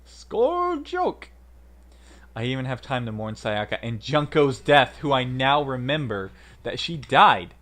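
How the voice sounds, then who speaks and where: A man's voice: medium pitch, moderate pace, fairly bright tone. A man streaming a game playthrough, chatting casually and making self-mocking jokes. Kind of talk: casual let's-play commentary.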